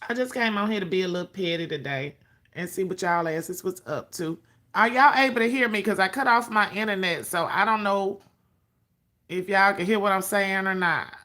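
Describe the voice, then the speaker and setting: A woman's voice: medium pitch, fairly bright tone. A woman hosting a casual livestream, sassy and profane, greeting viewers by name. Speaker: livestream host.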